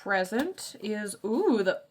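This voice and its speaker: A woman's voice: mid-range voice, very animated, takes it slowly, slight background noise. A woman giving a casual tarot and crystal reading in a playful, chatty way, calling her listeners baby. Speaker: tarot reader.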